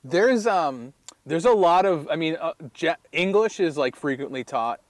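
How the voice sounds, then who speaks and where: A man with a slightly high voice co-hosts a comedy podcast, recorded close and dry with no room sound. He rambles through his points with hesitant fillers and laughs easily. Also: expressive, normal speed, no echo. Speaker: podcast co-host. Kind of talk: casual comedic chat.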